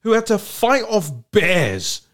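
Male host, fairly high voice, rambling and animated in political conversation. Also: slow pace. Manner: animated, rambling, repeats words while thinking aloud. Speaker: podcast host. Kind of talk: political talk-show conversation.

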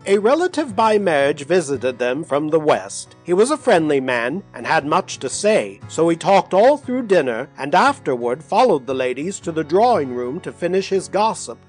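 A man reading a ghost story aloud as a narrator, expressive and lifting his voice for the characters. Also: a little high, normal speed, hardly any pauses, slightly rough, faint music behind. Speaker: audiobook narrator.

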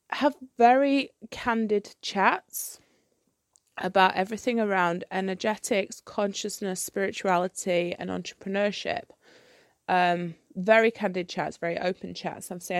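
A woman's voice: mid-range voice, no room sound, clean studio sound. A woman hosting her own podcast, talking candidly and rambling with plenty of fillers and restarts. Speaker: podcast host. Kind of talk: candid solo podcast chat.

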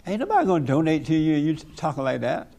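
Male pastor, emphatic preacher in group discussion, voice a touch high. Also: sing-song, quick pace, vocal fry, warm tone. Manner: emphatic, preachy, laughs often.

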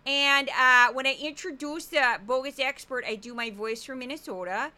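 A woman from the US Midwest hosting a political commentary podcast in an animated, sarcastic, jokey way. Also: high voice, moderate pace. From St. Louis, US Midwest. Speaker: podcast host.

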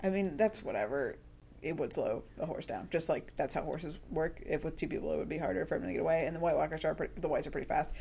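A podcast co-host chatting casually about a TV episode, laughing often and jumping in with quick reactions. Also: mid-range voice, vocal fry, darkish tone, breathy edge. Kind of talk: casual TV recap chat.

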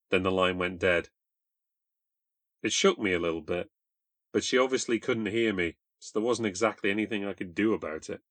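A young man narrates a first-person ghost story in a bitter, deadpan tone. His voice sits low, and the recording is dry and close with no room sound. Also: normal speed, no room sound. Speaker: podcast host and narrator.

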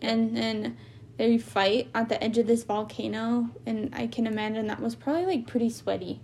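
A woman's voice: on the high side, steady tone, normal speed, darkish tone, a little hiss or hum. Young woman with a valley-girl lilt. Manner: valley-girl speech with lots of "like". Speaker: podcast guest. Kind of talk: casual chat.

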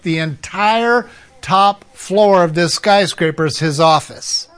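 A man's voice: a little high, fairly bright tone. Man telling a sermon story. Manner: conversational, lots of "you know" fillers. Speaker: Christian counselor and speaker.

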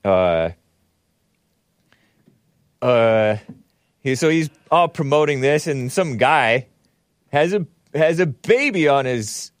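A male talk show host who comments on clips with mockery, breaking into laughter and jumping up in pitch for his asides. His voice sits at a middle pitch. It is recorded close and dry, with no room sound. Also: lively intonation, takes it slowly, pauses often, no echo. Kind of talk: casual political commentary.

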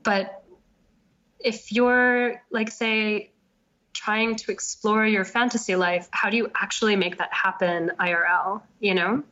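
A woman's voice: mid-range voice, steady tone, measured pace, sharp tone. A woman novelist being interviewed, thinking aloud in a casual, hesitant way with many fillers. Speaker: novelist guest. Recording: slightly dull lo-fi sound.

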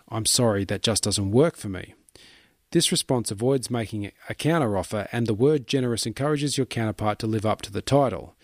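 Low-voiced man reading a summary, dry. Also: no echo. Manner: even, measured reading. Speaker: book summary narrator. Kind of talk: scripted narration.

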